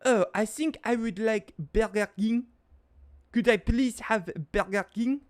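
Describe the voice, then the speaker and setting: A man putting on a snooty, indignant French man who speaks in a pompous, slow, overly precise way. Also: high-pitched, very animated, a little mellow, voice pushed up, heavily acted. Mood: prim.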